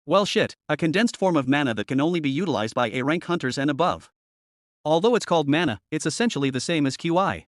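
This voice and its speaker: A man narrating a comic story recap in a rushed, even storytelling manner. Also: a little high, no echo, studio quality.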